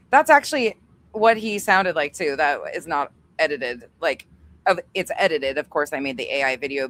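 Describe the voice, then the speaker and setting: A woman with a somewhat low voice hosts a casual livestream. Her talk is loose and profane, and she laughs easily as she thanks members by name. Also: a bit bright. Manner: chatty, profane, quick to laugh. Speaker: livestream host.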